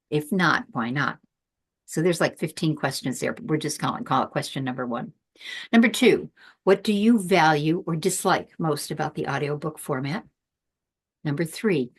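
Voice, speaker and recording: A woman hosting a casual podcast over a video call, chatty and laughing at her own asides. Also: fairly low pitch. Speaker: podcast host.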